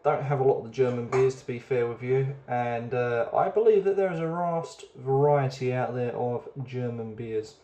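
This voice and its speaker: Mellow-voiced man rambling a beer review. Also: medium pitch, normal speed, few pauses, reverberant, dull audio. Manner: chatty, rambling, often hesitant. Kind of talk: casual review vlog.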